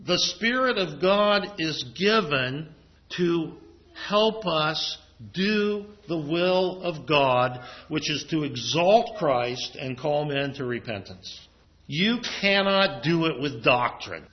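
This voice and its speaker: A man's voice: fairly high pitch, expressive, slow. A man preaching a sermon in a conversational way, reading scripture aloud as he goes. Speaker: pastor. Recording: muffled lo-fi recording.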